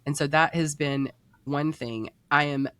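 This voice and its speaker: A woman author and podcast host in a casual Christian chat, gushing and animated, jumping into high voices when she acts things out. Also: measured pace.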